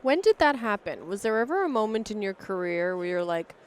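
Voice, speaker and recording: A woman's voice: mid-range voice, big pitch swings, fairly quick. Chatty woman podcast host asking questions. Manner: eager, reactive, chatty questions. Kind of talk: casual interview. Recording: faint ambience at a trade show.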